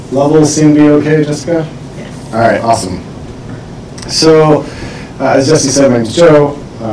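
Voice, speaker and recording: A man giving a meetup talk, telling his story in a relaxed, conversational way with fillers. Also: medium pitch, a little hiss or hum. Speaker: meetup speaker. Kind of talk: conference talk. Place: meetup room.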